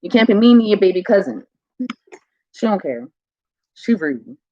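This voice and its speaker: A woman telling casual home stories, laughing often and switching into a high sing-song voice for a toddler. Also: very animated, normal speed, dry recording, dull audio. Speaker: vlogger. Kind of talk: casual chat.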